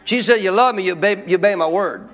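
A pastor with a high, slightly bright voice preaches very fast and emphatically, firing rhetorical questions at his congregation. The sermon rings out with a long reverb from a large church hall.

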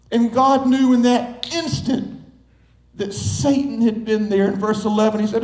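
High voiced pastor guy preaching hard, repeats stuff for punch, big echoey church. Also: little pitch movement, measured pace, darkish tone. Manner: emphatic, building with repetition. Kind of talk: sermon.

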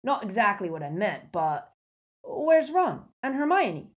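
A woman voicing a giant bearded gamekeeper who talks loudly in clipped, rough dialect. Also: mid-range voice, big pitch swings, measured pace, pitched above the performer's own voice. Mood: urgent. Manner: loud, clipped dialect speech.

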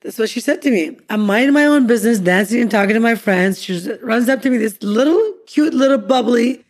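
Animated woman co-host. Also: on the high side, a little fast. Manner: animated and emphatic, insisting on exact details. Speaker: podcast co-host. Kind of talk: casual storytelling chat.

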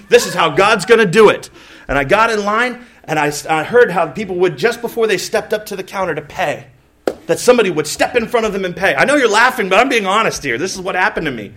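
A man with a fairly high voice preaches a sermon in a candid, storytelling way. He pokes fun at himself, acts out his own grumbling, and breaks off to speak directly to the people in front of him. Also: fairly bright tone. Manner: candid, self-mocking storytelling with acted-out quotes; talks directly to the congregation with asides. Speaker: pastor.

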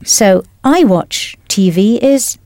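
A woman teaching a language lesson in a clear, patient, encouraging scripted voice. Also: mid-range voice, expressive, takes it slowly, darkish tone, no room sound, clean studio sound.

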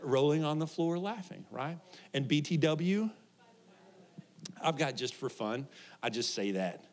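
A man's voice: fairly high pitch, animated, measured pace. A middle-aged pastor preaching to his congregation in a loose, conversational way. He jokes, laughs often and keeps throwing questions out to the people in front of him. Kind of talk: sermon.

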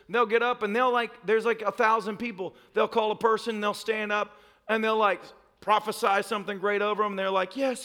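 Bright-voiced man preaching animatedly. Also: high voice. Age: 30s. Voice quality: voice cracks upward. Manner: animated storytelling with laughter. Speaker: pastor. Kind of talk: sermon.

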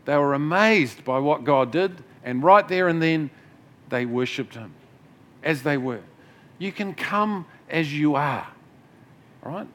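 A man's voice: fairly high pitch, lively intonation, takes it slowly, fairly bright tone. A middle-aged man preaching a sermon as pastor, in a conversational way with asides and restarts.

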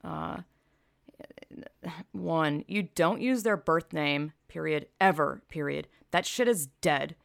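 A woman's voice: sits low, slow, vocal fry, dry recording, clean studio sound. A woman commentator reading posts aloud and reacting with blunt, sarcastic, profane remarks. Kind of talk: opinion vlog commentary.

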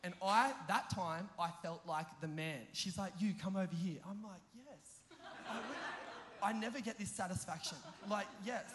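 A young preacher with a very high voice tells a story that makes fun of himself, laughing through his sentences. He is lively and quick to poke fun at his own mishaps. His voice carries a long reverb from the large hall where he preaches. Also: background noise. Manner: animated, self-mocking, often laughing mid-sentence. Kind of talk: humorous storytelling sermon.

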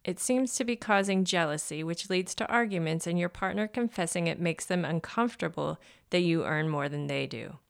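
A woman's voice: fairly low pitch, moderate pace, creaky, few pauses, smooth. A woman co-hosting a casual podcast chat, reading out poll questions and laughing often. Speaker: co-host.

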